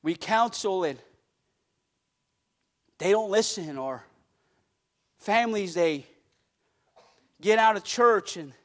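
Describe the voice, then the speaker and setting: Fervent high-voiced male pastor preaching. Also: lively intonation, takes it slowly, long pauses. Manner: fervent preaching, rising loud then dropping soft. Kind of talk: sermon.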